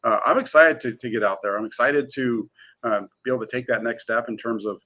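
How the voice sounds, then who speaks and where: Male sports reporter co-host, rapid and eager, bright forceful tone. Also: mid-range voice. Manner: eager and energetic, frequent fillers. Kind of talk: casual sports talk.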